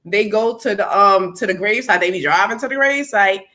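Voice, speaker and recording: Bright, expressive woman panelist. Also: medium pitch, normal speed. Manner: playful, expressive. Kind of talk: casual chat.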